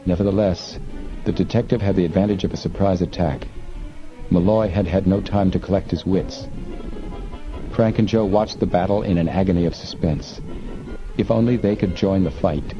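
A man narrating an audiobook in a measured, steady manner. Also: low voice, highs cut off, music in the background. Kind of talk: scripted narration.

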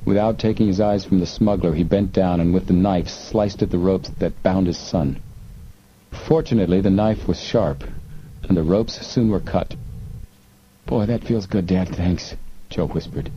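A man narrating an audiobook in a measured, steady manner. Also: low-pitched, highs cut off, a little hiss or hum. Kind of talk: scripted narration.

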